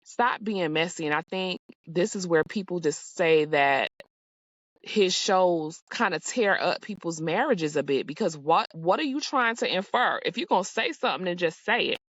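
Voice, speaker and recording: A woman's voice: lowish voice, animated, normal speed, dry recording, muffled recording. A woman hosting a casual reality TV recap, chatty and sassy, with playful asides to her viewers.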